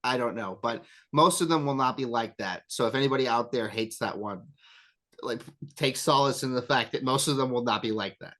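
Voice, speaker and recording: A man's voice: medium pitch, a little fast, a bit bright. Rambling self-deprecating man. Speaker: game master. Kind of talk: casual chat.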